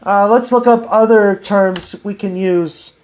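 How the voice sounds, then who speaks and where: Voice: mid-range voice, a little slow, noisy background. A podcast host in their thirties chatting casually, teasing playfully with slang and filler words. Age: 30s. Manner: slangy and playful, with lots of fillers and laughing asides.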